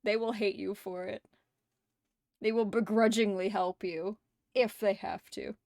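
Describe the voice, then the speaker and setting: A woman's voice: mid-range voice, steady tone, measured pace, creaky, darkish tone, dry recording, clean studio sound. A woman hosting a livestream, chatting casually and reading viewer messages aloud, laughing often between lines. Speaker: livestream host.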